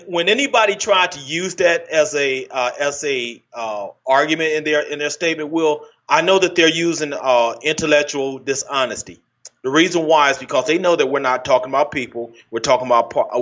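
A man hosting a casual political chat, halting with frequent restarts. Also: a little high, fairly bright tone. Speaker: podcast host. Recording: muffled lo-fi audio.

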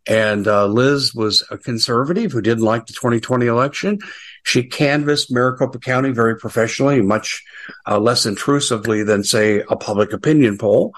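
A man's voice: medium pitch, a little fast. A middle-aged American man hosting a casual political commentary show, chatty and sarcastic with frequent asides.

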